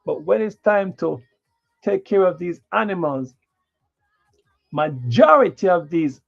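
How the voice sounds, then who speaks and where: A man's voice: high voice, expressive, unhurried, creaky. A man ranting bluntly in a livestream monologue, with unfiltered cursing and a preachy, moralizing tone. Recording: dull lo-fi stream with faint music.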